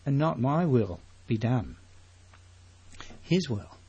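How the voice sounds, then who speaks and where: A man's voice: medium pitch, sing-song, slow, warm tone, slightly rough, muffled recording. A man preaching a sermon, emphatic and full of rhetorical questions to his congregation.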